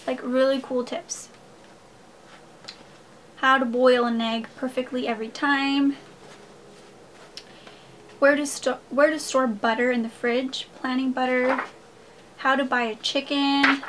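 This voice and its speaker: A woman's voice: sits high, level tone, slow pace, pauses often, fairly bright tone, slight background noise, rough recording. A young woman chatting casually in a haul vlog, gushing and enthusiastic as she talks to her viewers. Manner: gushing, enthusiastic, addresses viewers as "you guys". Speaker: haul vlogger.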